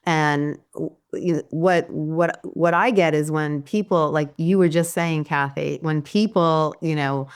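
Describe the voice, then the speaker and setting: Low, smooth woman guest speaking earnestly. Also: steady tone, unhurried. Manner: earnest, reflective, laughs easily. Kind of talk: casual interview.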